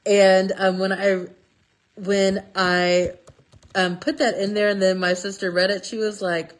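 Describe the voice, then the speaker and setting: A woman telling a Bible story in a casual, lively way, often checking in with "okay?". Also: mid-range voice, unhurried. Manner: lively, chatty, stresses words with "okay?". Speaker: speaker sharing a Bible passage. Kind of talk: casual storytelling talk about scripture.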